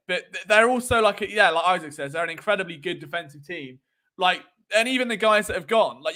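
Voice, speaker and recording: A man's voice: sits high, sharp tone. A young man hosting a live sports stream, rambling and playful with lots of fillers. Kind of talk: casual live-stream chat.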